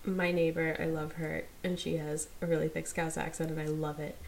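A woman's voice: low voice, little pitch movement, brisk, creaky. A woman co-hosting a podcast in casual chat, giggly and playful, acting out people's voices as she tells stories. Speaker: podcast co-host.

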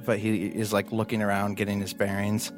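A man's voice: fairly low pitch, monotone, a little fast, music in the background. Rambling man narrating a tabletop game. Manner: rambling, searching for words with fillers and laughs. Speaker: game master.

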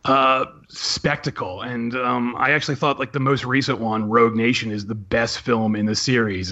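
Bright-voiced man chatting about films. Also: mid-range voice, highs cut off. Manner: chatty, hesitant with many ums. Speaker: podcast co-host, film writer. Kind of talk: casual chat.

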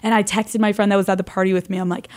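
A woman's voice: mid-range voice, flat delivery, racing. A young woman co-hosting a podcast, chatting casually in a blunt, crude way. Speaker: podcast co-host. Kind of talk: casual chat.

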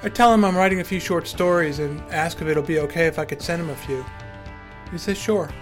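A man's voice: a little high, brisk, music in the background. A man telling a first-person story with acted dialogue in a dry, wry, articulate way, and hosting his podcast.

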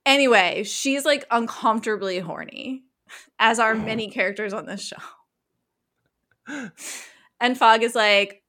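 Woman, podcast host, bright tone, a bit high-pitched, animated, frank, swears freely. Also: moderate pace. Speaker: podcast host recapping a TV episode. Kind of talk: casual chat.

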